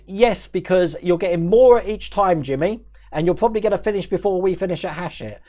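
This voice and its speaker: Live stream host, male, mixed Australian-English accent, fairly high voice, chatty and quick, laughs a lot. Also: animated, warm tone. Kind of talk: casual live stream chat, reading viewer comments.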